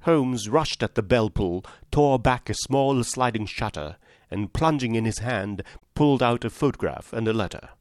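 A man narrating a classic story in a measured, storytelling manner into a close mic. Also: medium pitch, expressive, dry recording. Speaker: audiobook narrator. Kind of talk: scripted narration.

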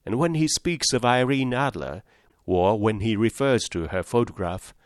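A man narrating a classic story in a measured, storytelling manner into a close mic. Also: fairly low pitch, lively intonation, no room sound. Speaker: audiobook narrator. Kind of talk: scripted narration.

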